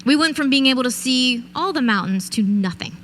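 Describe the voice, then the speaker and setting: A woman's voice: sits high, animated, a little fast, fairly bright tone, a little hiss or hum. A woman in her late twenties to thirties giving a motivational keynote speech, telling a vivid personal story and addressing the audience directly. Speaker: keynote speaker. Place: event stage.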